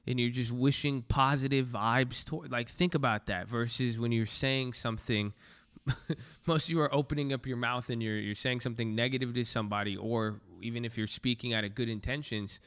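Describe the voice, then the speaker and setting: Brief: young male livestream trader, gravelly edge, bright tone, blunt and profane, casual talk to viewers at his desk. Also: medium pitch, steady tone, brisk. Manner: blunt, swears, talks to chat.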